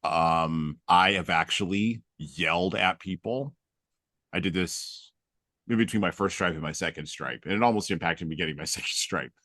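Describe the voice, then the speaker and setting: A man with a very deep voice chats casually on a podcast and tells humorous, self-mocking stories. The sound is dry and close, with no room around it. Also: moderate pace, bright, forceful tone, dry recording. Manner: humorous storytelling. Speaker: podcast host. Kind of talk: casual conversation.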